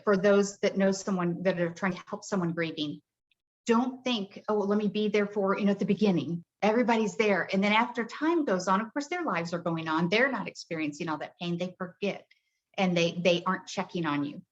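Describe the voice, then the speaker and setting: A middle-aged woman, a grief coach, talking in a soft, heartfelt way with many hesitations in a podcast interview. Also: mid-range voice, brisk. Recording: dull lo-fi audio.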